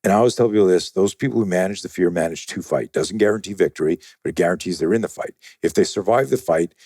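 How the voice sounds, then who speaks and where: A man being interviewed as a self-defense trainer, telling animated, profane stories and acting out other people's voices. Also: low-pitched, quick pace, dry recording, studio quality. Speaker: guest, self-defense and fear-management trainer. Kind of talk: conversational storytelling in a podcast interview.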